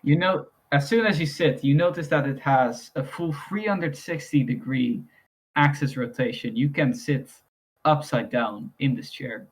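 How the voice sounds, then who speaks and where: A man's voice: mid-range voice, measured pace. A man narrating a tabletop role-playing game as game master, improvising scenes with loose, rambling description.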